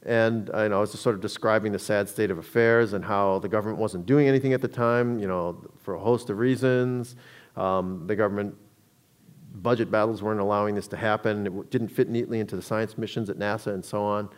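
A man's voice: fairly low pitch, steady tone, brisk. A man giving a public talk to an audience, telling a story in a conversational way with frequent restarts.

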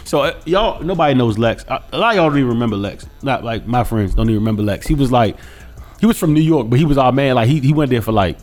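A man co-hosting a casual podcast, telling a college story in an animated way with many quoted voices. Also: mid-range voice, fast talker, soft background music. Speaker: podcast co-host.

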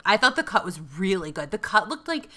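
A woman co-hosting a casual podcast who recaps a TV show with swearing and quick impressions of the people in it. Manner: animated storyteller, swears freely, mimics people in a low voice. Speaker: podcast co-host. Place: New York City.

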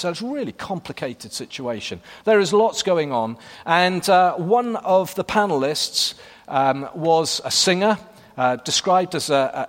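A man preaching a sermon, his fairly high voice carrying through a hall with a long, ringing reverb. He reads scripture and then talks in a loose, conversational way, full of fillers and restarts. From Wales.

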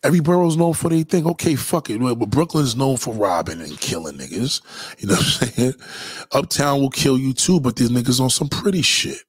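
Husky New York man, lively street talk. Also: medium pitch, fairly quick, dry recording. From New York City. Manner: profane, animated, heavy slang, repeats himself. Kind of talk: casual street-talk monologue.

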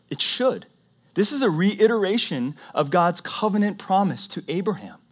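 A pastor delivering a sermon in a slightly higher-than-usual male voice. He swings from loud, emphatic declarations down to hushed, almost whispered lines.

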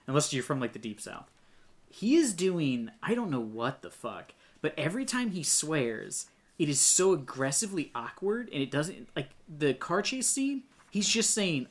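A man's voice: mid-range voice, very animated, brisk. A man co-hosting a casual film-review chat, ranting sarcastically and swearing.

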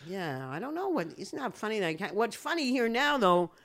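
A woman's voice: mid-range voice, sing-song, brisk, a bit bright. An older woman from Canada chatting in an interview, telling wry anecdotes and acting out other people's voices with a laugh. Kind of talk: casual interview chat.

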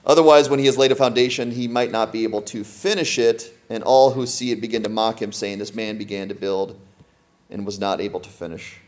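A man's voice: fairly low pitch, fairly even intonation, brisk. A man preaching a sermon to a congregation, emphatic and full of rhetorical questions. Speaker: pastor.

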